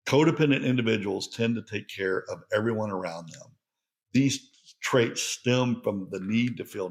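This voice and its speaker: A man's voice: medium pitch, creaky. A middle-aged man hosting a podcast, talking in an earnest, heartfelt monologue. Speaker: podcast host.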